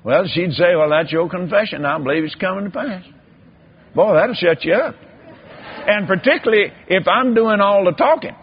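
A man's voice: high-pitched, normal speed, a little hiss or hum. A man preaching a folksy sermon, telling a story and drifting into repetitive, drawling preacherly emphasis. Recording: dull lo-fi sermon recording.

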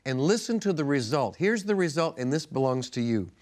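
Pastor guy hosting a ministry show, slightly high voice, reads scripture slow and emphatic. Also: very animated, darkish tone. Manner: measured, emphatic reading of scripture. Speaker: ministry broadcast host and pastor. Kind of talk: broadcast offering appeal with scripture reading.

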